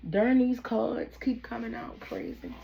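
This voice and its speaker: A woman's voice: fairly high pitch, lively intonation, measured pace, vocal fry, lo-fi sound, slight background noise. A woman from Baltimore with a Baltimore accent, giving a casual, chatty tarot reading straight to her viewers in a familiar, easygoing way. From Baltimore, USA. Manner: chatty and familiar, calls listeners "y'all" and "baby". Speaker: tarot reader.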